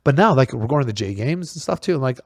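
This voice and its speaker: Fast-talking blunt man. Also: medium pitch, animated, a little mellow, no echo, clean studio sound. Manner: blunt, swears, many restarts and repeated words. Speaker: podcast co-host. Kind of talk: casual opinionated chat.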